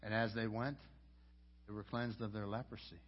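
A man's voice: lowish voice, flat delivery, moderate pace, husky. A man preaching a sermon as pastor, in a conversational way with frequent stammered restarts. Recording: dull lo-fi audio.

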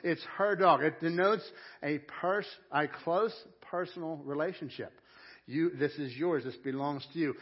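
A man's voice: a little high, moderate pace, slightly rough, highs cut off. A man preaching a sermon as pastor, asking the congregation direct questions and often repeating words as he goes. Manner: repeats words and restarts phrases.

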